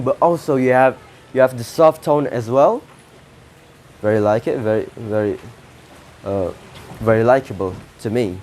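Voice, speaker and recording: Slow, halting man with an Indonesian accent. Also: medium pitch, a little mellow, slight background noise. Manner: halting, in short phrases with pauses and restarts. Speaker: poetry contest judge. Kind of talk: spoken feedback to contestants.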